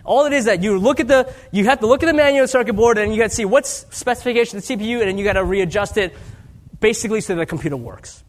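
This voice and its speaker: High-voiced man preaching conversationally. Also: quick pace. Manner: conversational storytelling with self-deprecating humor; lively swings between hushed asides and raised emphasis. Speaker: guest preacher. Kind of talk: sermon.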